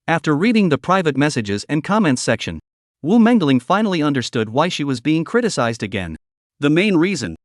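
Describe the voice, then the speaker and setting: Lively high-voiced male narrator. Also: brisk, no room sound, studio quality. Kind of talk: scripted comic recap narration.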